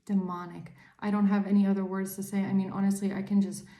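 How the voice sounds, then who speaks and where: A woman's voice: mid-range voice, little pitch movement, quick pace, warm tone, reverberant. Swearing, ranting woman tarot reader. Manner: angry ranting, heavy swearing. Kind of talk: tarot reading to camera.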